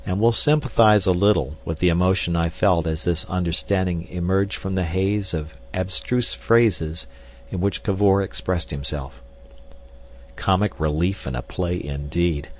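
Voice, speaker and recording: A man narrating a classic novel in the first person, measured and dramatic. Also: deep voice, darkish tone, a little hiss or hum. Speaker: audiobook narrator.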